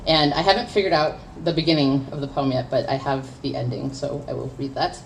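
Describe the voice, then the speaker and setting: Low-voiced young woman poet, distant mic. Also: fairly even intonation, fairly quick. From United States. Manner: awkward self-deprecating asides between impassioned poems. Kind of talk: spoken word poetry at an open mic. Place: café open mic night. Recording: distant mic with faint room noise.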